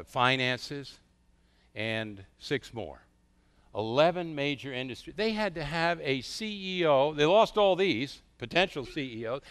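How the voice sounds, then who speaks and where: A middle-aged man preaching a sermon as a pastor. He tells stories with animated rhetorical questions. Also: fairly high pitch, smooth.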